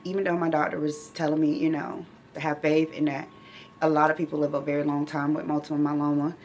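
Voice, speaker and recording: Middle-aged woman host, emotional and direct, low and gravelly, faint background hiss. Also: little pitch movement, fast talker, a little mellow. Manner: emotional, speaks directly to viewers. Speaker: channel host living with myeloma. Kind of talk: heartfelt casual vlog talk.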